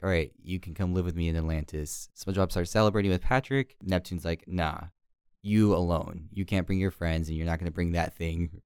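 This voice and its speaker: Deep-voiced man recapping an episode. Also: a little mellow, clear, resonant tone, no room sound, clean studio sound. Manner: rambling, filler-heavy storytelling. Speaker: podcast co-host.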